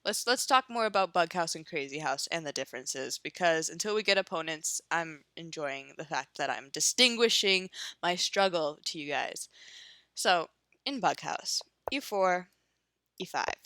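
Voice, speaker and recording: A woman's voice: fairly low pitch, expressive, normal speed, sharp tone, no echo, clean studio sound. A young woman giving casual chess commentary while she plays online, ranting and swearing with lots of fillers. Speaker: chess streamer.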